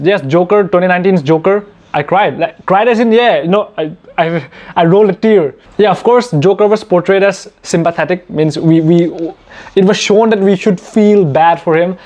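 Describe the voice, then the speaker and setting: High-voiced chatty young man, laughing often. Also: a little mellow. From India. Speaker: YouTube channel host. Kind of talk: casual Q&A chat.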